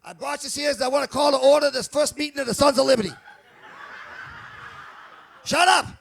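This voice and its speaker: A man's voice: very high-pitched, a little fast, vocal fry, fairly bright tone, a little hiss or hum, exaggerated voice. A man playing a rowdy, profane Boston townie running a colonial meeting, with a Boston accent. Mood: blustering.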